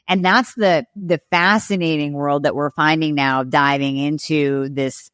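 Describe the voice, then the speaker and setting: A woman with a fairly low voice explains things as an expert guest on a podcast. She walks through each point step by step and now and then acts out short exchanges between a patient and a doctor. The sound is dry and close. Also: steady tone, unhurried, fairly bright tone, smooth, no room sound. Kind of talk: podcast interview.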